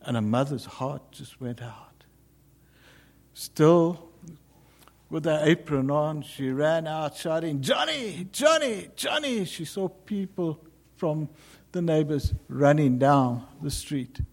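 A man preaching a sermon, telling a story dramatically, with sudden loud calls and hushed, whispered passages. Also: a little high, slow.

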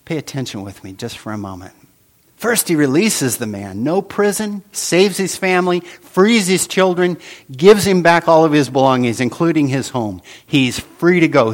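A man preaching a sermon, swinging between loud emphasis and hushed, dramatic drops. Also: medium pitch. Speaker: pastor.

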